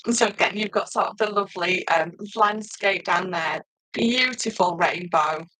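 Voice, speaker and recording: A middle-aged woman, chatting loudly and laughing often as she presents paper crafts on a live stream. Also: medium pitch, slow pace, dry recording, rough recording. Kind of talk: casual live stream chat.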